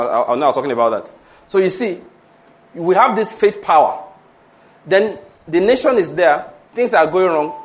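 High-voiced Nigerian pastor preaching. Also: male voice. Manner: emphatic, call-and-response with congregation. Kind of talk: sermon.

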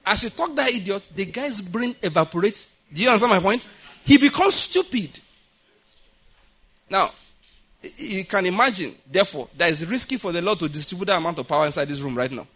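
A male pastor with a Nigerian accent delivers a lively sermon in a church. His voice sits somewhat high for a man. He tells stories and keeps asking his congregation whether they follow his point. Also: brisk, pauses often, breathy edge. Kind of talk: sermon with storytelling. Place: church building.

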